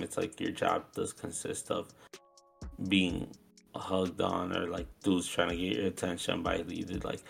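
A man's voice: low voice, creaky, breathy edge. A man co-hosting a live podcast who talks in a rambling, hedging way, full of fillers. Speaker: podcast co-host. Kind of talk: casual chat. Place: live show venue.

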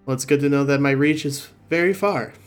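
A man voicing a calm female city ruler. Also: medium pitch, a little fast, clear, resonant tone, faint music behind, close to an everyday voice. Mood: gracious.

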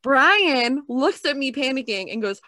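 A young woman co-hosting a casual chat, telling stories in an animated way with lots of "like.". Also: high-pitched, measured pace, dry recording. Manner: animated storytelling with many "like"s. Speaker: co-host.

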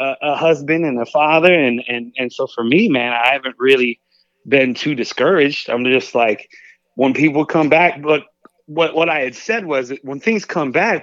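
Animated rambling comedian, a man. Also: a little high, no echo, lo-fi sound. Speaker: comedian guest. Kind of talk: casual interview chat.

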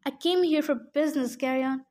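A curt, brooding boy who is impatient with everyone, as a woman reading a storybook aloud gives him voice. His lines come clipped and insistent, at a high pitch. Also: moderate pace, a little mellow, lightly acted.

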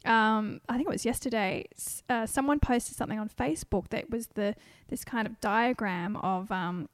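A woman's voice: a little high, moderate pace, dry recording. A woman co-hosting a family podcast, chatting casually, laughing often and explaining things through metaphors. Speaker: podcast co-host. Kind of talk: casual chat.

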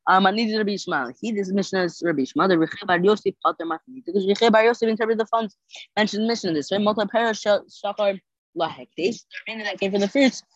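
A podcast host reading the daily Talmud page aloud and translating it line by line, halting with many fillers and self-corrections, sleepy and yawning. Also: medium pitch, dry recording, muffled recording.

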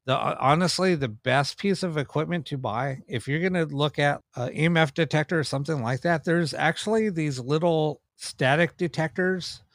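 A man's voice: fairly high pitch, moderate pace, few pauses, no echo, clean studio sound. A man, a paranormal investigator and cameraman, telling stories in a casual, rambling way with many restarts. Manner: animated, rambling, with frequent restarts. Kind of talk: casual storytelling in a podcast interview.

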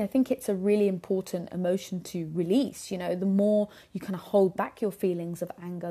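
Her voice is fairly low and dark in tone. On her solo podcast, this young woman reflects earnestly on parenthood into a microphone, peppering her speech with "you know."

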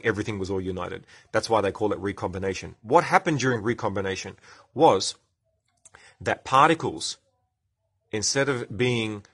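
A man's voice: on the low side, a bit bright, breathy edge. A man with an Australian accent hosting a casual science podcast, explaining with enthusiasm and chatting with live commenters. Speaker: podcast host.

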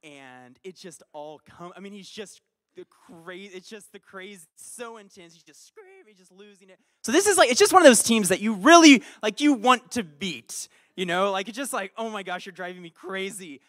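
A male pastor with a fairly high voice delivers a casual, story-driven sermon. He talks like a friend, dropping to near-whispered asides and then surging loud with excitement. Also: moderate pace. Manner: animated storyteller, swings between quiet asides and loud bursts. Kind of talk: conversational sermon with personal story.

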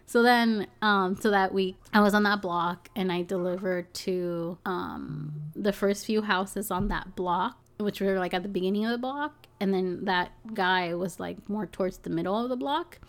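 Speaking at a moderate pace with few pauses, this young delivery driver has a mid-range voice. She chats casually and rambles through a story, leaning on "like" and "you know," with the occasional curse word and laugh.

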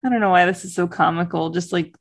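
A woman's voice: fairly low pitch, fast talker. A woman co-hosting a casual watch-along chat, making wry, teasing comments about the show.

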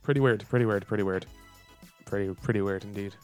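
A man's voice: fairly low pitch, fast, faint music behind. Playful man reading texts aloud. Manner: playful, animated, laughs often. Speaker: podcast co-host. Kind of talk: casual chat reading funny texts aloud.

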